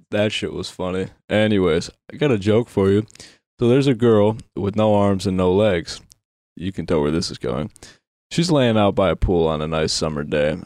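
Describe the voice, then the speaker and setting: A man's voice: low voice, darkish tone, dry recording, studio quality. A man on a tabletop game podcast, telling a long crude joke in a loose, rambling way. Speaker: player. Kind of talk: casual podcast chat.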